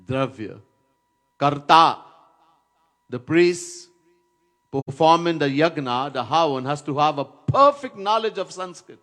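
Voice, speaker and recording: A man gives a devotional lecture in a fairly high voice, taking his time over every phrase. He tells stories, chants verses now and then, and drives points home by repeating key words. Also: expressive, takes it slowly, long pauses, a bit bright. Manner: storytelling, chants Sanskrit verses, stresses words by repetition. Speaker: swami giving a spiritual lecture. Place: Trinidad.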